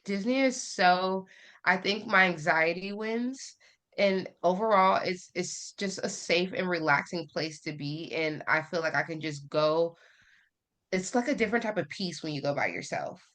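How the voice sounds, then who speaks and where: Candid low-voiced woman telling a story. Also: a little slow, a bit bright. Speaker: podcast guest. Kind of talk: casual conversation.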